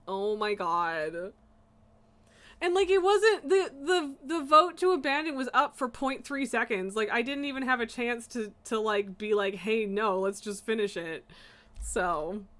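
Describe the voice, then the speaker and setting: A woman's voice: mid-range voice, fairly bright tone. A young woman streaming a game, ranting in exasperation and laughing between swears. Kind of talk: casual live-stream rant while gaming.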